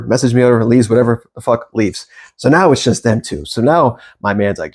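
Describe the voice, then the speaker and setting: Animated, swearing male coach telling a story. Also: medium pitch, a little fast. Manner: animated, profane, acts out quoted voices. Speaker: manifestation coach. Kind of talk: casual storytelling monologue.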